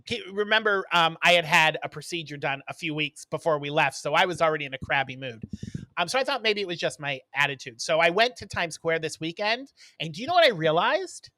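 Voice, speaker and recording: A man co-hosting a podcast in casual chat, telling stories in an animated way and acting out what people said. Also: on the high side, brisk, dry recording. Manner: animated storyteller who acts out quotes. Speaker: podcast co-host.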